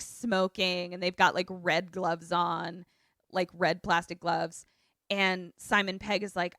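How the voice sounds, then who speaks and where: A woman's voice: on the low side, clear, resonant tone, no echo, clean studio sound. A woman podcast co-host recapping a movie in casual chat, swearing freely and acting out the characters' lines. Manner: animated storytelling, swears freely, acts out quotes.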